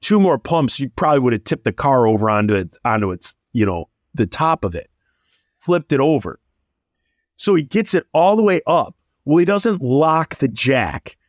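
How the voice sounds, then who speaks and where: A man telling a long story in casual chat, animated and rambling. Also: medium pitch, normal speed, no room sound, studio quality. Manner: animated, rambling, lots of likes.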